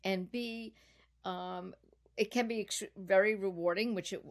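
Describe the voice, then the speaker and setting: A middle-aged woman, guest on a podcast interview, telling a long personal story in an animated, chatty way. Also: mid-range voice, measured pace. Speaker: podcast guest, business founder.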